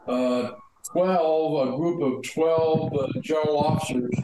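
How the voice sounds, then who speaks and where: Older man in a very echoey room. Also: mid-range voice. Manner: steady, with many pauses. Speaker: guest. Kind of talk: recounting events in an interview. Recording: very echoey room with faint noise.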